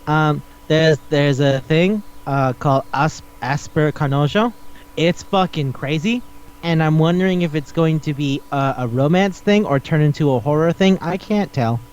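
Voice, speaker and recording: A man's voice: on the high side, moderate pace, clean tone, muffled recording. A man hosting a casual podcast chat, rambling and swearing as he retells scenes and acts out the dialogue. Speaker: podcast host.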